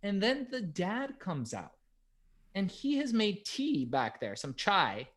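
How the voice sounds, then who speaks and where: A middle-aged man co-hosting a podcast, telling a story in casual chat that swings from hushed to loud. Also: high-pitched, huge pitch swings, slow. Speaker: podcast co-host.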